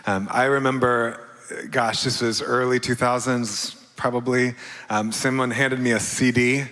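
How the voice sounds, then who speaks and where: A man preaching as a pastor, casual and halting with many fillers and laughs between words. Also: mid-range voice, flat delivery, a bit bright. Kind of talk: sermon. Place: large church hall. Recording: long hall reverb.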